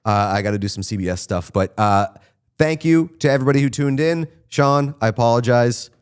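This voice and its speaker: A man's voice: medium pitch, fairly quick, clean tone. A man hosting a casual podcast, reading viewer comments aloud with wry jokes. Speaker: podcast host reading chat messages. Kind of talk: casual chat.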